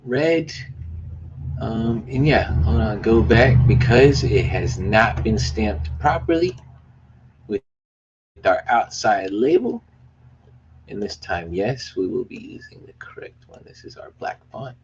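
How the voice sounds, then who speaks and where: In a slow, lowish voice, a small business owner rambles casually about his merch in a behind-the-scenes vlog. He's hyped, swears occasionally, and bursts into excited yelling. The recording is muffled, with a bit of hiss or hum.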